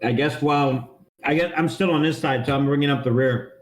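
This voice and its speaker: A man playing a tabletop role-playing game, chatting in a loose, profane way and laughing often. His voice sits at a middle pitch. The room around him sounds echoey. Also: brisk. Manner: loud, swearing, laughs often, jumps into higher voices for quotes. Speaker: player. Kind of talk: casual chat.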